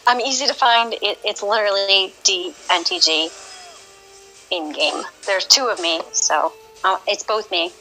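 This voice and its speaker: A woman co-hosting a live game stream in casual chat, giggly and animated as she tells stories, a bit sleepy. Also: medium pitch, measured pace, faint music behind, rough recording.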